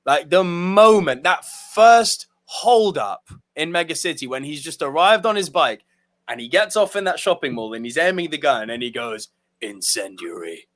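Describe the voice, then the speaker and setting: A man's voice: on the high side, expressive, normal speed, fairly bright tone. A man co-hosting a casual movie podcast, enthusiastic and swearing freely. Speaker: podcast co-host.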